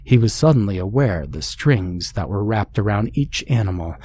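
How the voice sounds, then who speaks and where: A man narrating a scary story in a calm, measured scripted reading. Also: lowish voice.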